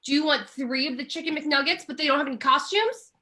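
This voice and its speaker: A woman's voice: high voice, fast, bright, forceful tone, a little hiss or hum. A woman playing a struggling tchotchke seller in a comedy bit, rambling and tearful. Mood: self-pitying.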